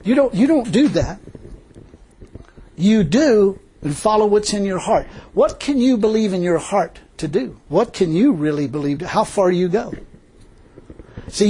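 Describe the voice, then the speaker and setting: A man's voice: high voice, a little mellow, husky, low-quality recording. A man preaching a folksy testimony sermon, telling his story casually and chuckling often as he goes. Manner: casual colloquial speech.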